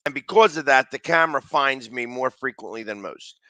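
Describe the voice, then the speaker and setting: A man hosting a sports talk show who talks loudly and rambles, often restarting his sentences. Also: medium pitch, expressive, brisk, dry recording. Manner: loud, talkative, rambling with restarts.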